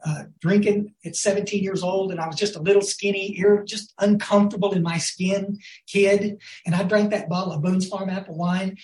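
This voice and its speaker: A man's voice: sits high, a little mellow. A man giving a recovery talk to a group, telling folksy stories and often asking his listeners if they follow. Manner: folksy storytelling, addresses the audience as y'all. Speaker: recovery speaker. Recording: roomy echo.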